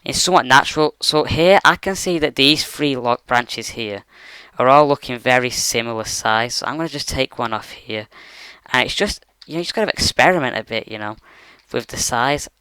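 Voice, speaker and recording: Bright, crisp-voiced man explaining casually. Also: medium pitch, normal speed, dry recording. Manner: rambling, many fillers like "you know" and "like". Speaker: game tutorial maker. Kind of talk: casual screen-recorded tutorial. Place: his bedroom at the computer.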